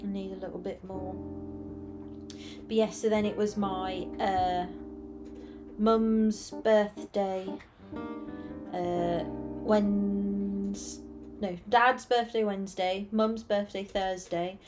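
A young woman talks slowly while she draws on stream, rambling and correcting herself as she goes. She sounds worn out, and her thoughts wander back and forth. Music plays clearly behind her voice. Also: mid-range voice, fairly even intonation. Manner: rambling, self-correcting, chatty. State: tired. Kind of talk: casual chat while drawing.

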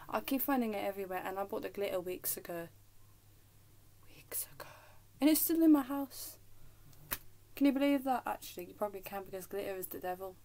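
A woman's voice: mid-range voice, expressive, fast, dark tone. Young woman, English accent, casual vlog chat, giggly, whispery asides, home recording. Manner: chatty and giggly, drops into whispers. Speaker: vlogger. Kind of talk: casual rambling chat to camera. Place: at home in her room.

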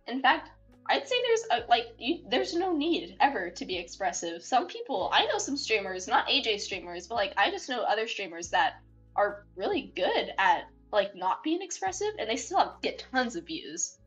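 A young woman streaming live, chatting to viewers in a bubbly, expressive, rambling way and giggling often. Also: fairly high pitch, normal speed, soft background music. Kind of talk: casual live-stream chat. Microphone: desktop mic, no webcam.

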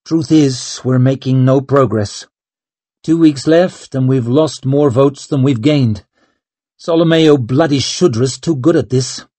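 A man's voice: mid-range voice, measured pace, dark tone, no room sound, natural voice. A man voicing a hard, weary woman agent who speaks in clipped, growling lines, in an audiobook. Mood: grim.

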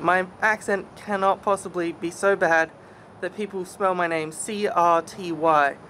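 A man's voice: high-pitched, steady tone, measured pace, bright, forceful tone, a little hiss or hum. A young man with a mild Australian accent, chatting casually and self-deprecatingly in a vlog, with plenty of fillers and trailing asides. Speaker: vlogger.

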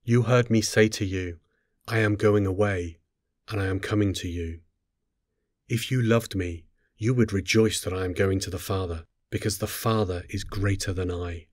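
A man with a lowish voice reads scripture in a solemn, measured way. His delivery is unhurried and steady. The sound is dry and close, with no room around it. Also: dry recording. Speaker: scripture reader.

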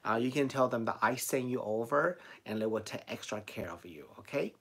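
A man's voice: medium pitch, lively intonation, a little fast, fairly bright tone, slightly rough. A man with a Chinese accent chats casually through a live stream, answering his viewers one by one. He sounds middle-aged and laughs easily between answers. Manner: chatty, laughs often, reads out viewer comments. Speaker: beauty vlogger answering live chat.

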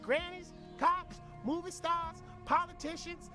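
A woman voicing a pushy alien vendor in a video game, talking in rambling, high sales patter. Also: steady tone, slow. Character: pushy alien vendor hawking odd goods. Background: game music.

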